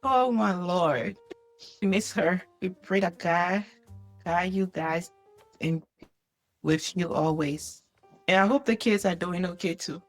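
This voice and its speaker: A woman calling in to a live stream to share a tearful, heartfelt tribute, speaking in a halting way and holding back tears. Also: fairly low pitch, fairly even intonation, soft background music. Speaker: caller sharing a tribute. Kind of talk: emotional phone-in tribute.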